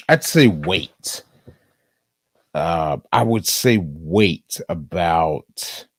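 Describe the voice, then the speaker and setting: A man's voice: low voice, no room sound. A man streaming a casual, profane movie review, rambling and leaning on "um" and "uh". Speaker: live streamer.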